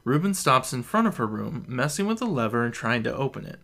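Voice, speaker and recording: A man's voice: mid-range voice, brisk, creaky. Man reading a fantasy story. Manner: steady, even storytelling. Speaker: narrator.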